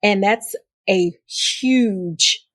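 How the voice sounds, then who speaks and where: A woman hosting a podcast interview, effusive and animated, laughing often as she praises her guest. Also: mid-range voice, drawn-out words, no room sound, studio quality. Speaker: podcast host. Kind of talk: casual interview chat.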